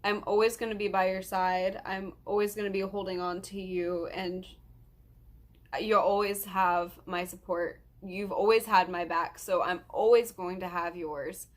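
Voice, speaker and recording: A woman's voice: medium pitch, fairly even intonation, unhurried. A nineteen-year-old woman vlogging, earnest and rambling with lots of ums, close to tears as she talks. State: tearful, close to crying. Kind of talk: emotional personal vlog.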